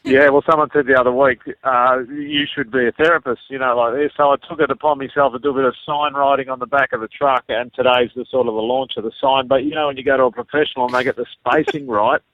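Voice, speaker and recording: A man's voice: medium pitch, fairly even intonation, fast talker, few pauses, no echo. Australian man joking over a phone line. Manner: stammering, jokey storytelling. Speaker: caller. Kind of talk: casual chat.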